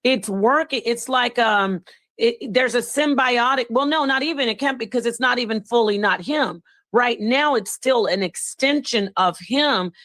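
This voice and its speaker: Expressive woman hosting a spiritual livestream. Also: a little high, dry recording. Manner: reflective, expressive, spiritual musing. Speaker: live stream host. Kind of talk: casual livestream chat.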